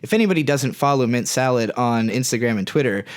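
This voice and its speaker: A man's voice: medium pitch, quick pace. A man co-hosting a podcast in casual chat, rambling and frank, with many fillers and restarts. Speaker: podcast co-host.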